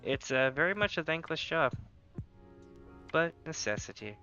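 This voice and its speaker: A man talks casually to his viewers while he plays, drifting into long anecdotes broken up by quick jokes. His voice is bright and pushy with energy. The stream audio is a little muffled, with faint game music underneath. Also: a little high, big pitch swings. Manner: rambling, anecdotal, jokey asides. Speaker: gaming streamer. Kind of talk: casual livestream chat while gaming.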